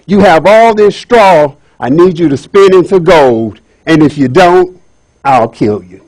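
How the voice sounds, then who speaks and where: A man's voice: fairly high pitch, animated, measured pace, darkish tone, rough recording. A man voicing a demanding, greedy king in a told folk tale, with a bossy, commanding manner. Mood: menacing. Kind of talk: storytelling speech.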